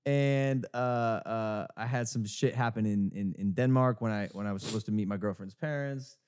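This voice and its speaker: A man's voice: lowish voice, normal speed, a little mellow, clean tone. A young man in his twenties hosting a podcast, telling a story in casual chat with lots of restarts and fillers. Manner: rambling, many restarts and fillers. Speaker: podcast host.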